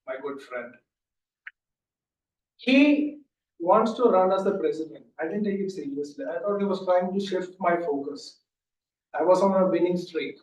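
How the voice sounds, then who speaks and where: A man's voice: sits high, distant mic. Man telling a story in a roomy hall. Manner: lively storyteller acting out dialogue. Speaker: club speaker giving a prepared speech. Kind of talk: storytelling speech.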